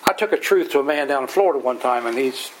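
A man's voice: medium pitch, expressive, fast talker, background noise. A man leading an informal Bible study, telling folksy, plain-spoken stories and explaining scripture verse by verse.

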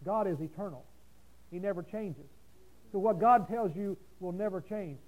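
A man preaching a sermon, folksy and rhetorical, swinging from loud emphasis to quiet asides. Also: high voice, moderate pace, rough recording.

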